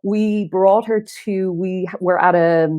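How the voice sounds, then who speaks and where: A woman's voice: medium pitch, fairly even intonation, unhurried, warm tone, muffled recording. A woman with an Irish accent, a guest on a podcast, chatting casually with lots of "like" and "um". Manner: chatty, with frequent "like" and "um" fillers. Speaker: podcast guest, brow artist. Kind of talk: casual chat.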